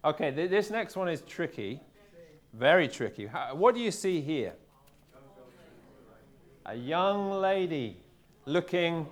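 A man from England preaches to a congregation in a church hall, chatting his way through the sermon and stumbling over repeated words. His voice sits a little on the high side for a man. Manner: conversational, repeats words while talking to the congregation.

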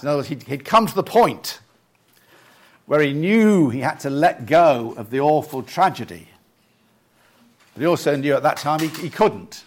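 Older male preacher, halting and reflective. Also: a little high, expressive. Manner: reflective, halting with many restarts; leads the congregation through lists in a soft slow voice. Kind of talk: sermon.

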